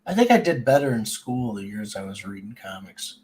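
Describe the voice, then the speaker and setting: A man's voice: lowish voice, big pitch swings, brisk, a little mellow, slightly rough. A man co-hosting a live comic reading stream, laid-back and swearing casually. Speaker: co-host.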